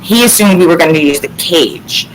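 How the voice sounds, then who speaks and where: A woman from Florida in casual chat as host, telling lively stories and swearing freely. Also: on the low side, moderate pace, a little hiss or hum, poor audio. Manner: animated storytelling, swears freely.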